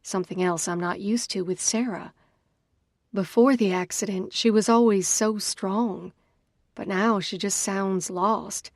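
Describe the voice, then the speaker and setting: A woman's voice: mid-range voice, fairly even intonation, unhurried, no room sound, clean studio sound. A woman narrating a first-person romance audiobook in an emphatic, dramatic reading.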